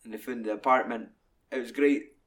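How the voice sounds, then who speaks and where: A young Scottish man chatting casually about a film, sweary and animated as he retells scenes. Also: mid-range voice, a little fast. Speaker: podcast co-host.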